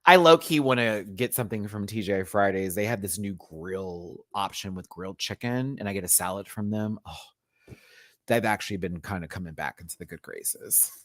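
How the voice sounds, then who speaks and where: A man hosting a casual live-stream review, chatty and sassy, calling viewers honey and child, often swooping up into high exclamations. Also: moderate pace, no room sound, clean studio sound. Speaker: show review host.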